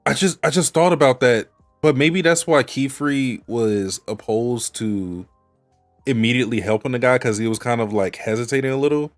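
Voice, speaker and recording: A man's voice: mid-range voice, moderate pace, dry recording, faint music behind. A man co-hosting a podcast, casually analyzing an anime episode and thinking aloud with restarts. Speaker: podcast co-host.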